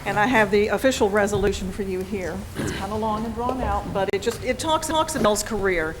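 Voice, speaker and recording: A woman's voice: medium pitch, a little fast, over a noisy crowd. A woman council member and former news anchor giving chatty, affectionate remarks at a meeting. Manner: chatty, affectionate, laughs often. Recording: noisy meeting chamber.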